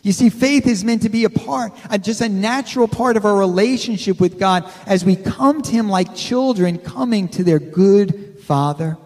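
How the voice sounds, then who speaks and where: A man's voice: sits high, moderate pace, few pauses, darkish tone. A male pastor preaching a sermon in a church, conversational and direct, calling out to the congregation for amens. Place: church sanctuary. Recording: long hall reverb.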